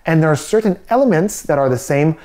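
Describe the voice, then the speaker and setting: A man's voice: on the high side, lively intonation, fast talker, a little mellow. A man giving skeptical, methodical body language commentary. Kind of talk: analytical commentary.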